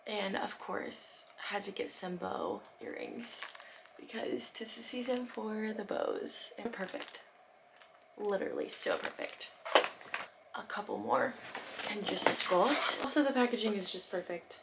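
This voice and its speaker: Young woman, casual vlogger, excitable and gushing, mid-pitched, with audible background noise. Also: a little slow. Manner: gushing, excitable, drops to soft whispers. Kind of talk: casual unboxing vlog.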